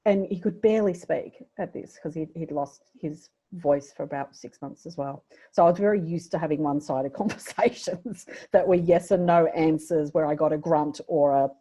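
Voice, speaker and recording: A woman's voice: low-pitched, normal speed, hardly any pauses, dark tone, breathy edge. A middle-aged woman with an Australian accent, a podcast guest telling a personal story in a candid, reflective way. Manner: candid, reflective, emotional at times. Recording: dull lo-fi audio.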